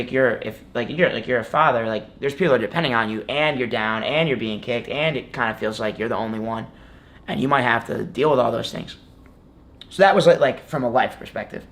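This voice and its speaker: A young man in his twenties tells a long story in a relaxed sit-down interview. He rambles, restarts often and fills the gaps with "like" and "you know." His pitch sits in an ordinary middle range. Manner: rambling, filler-heavy storytelling with many "like"s. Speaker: guest wrestler. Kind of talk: casual interview.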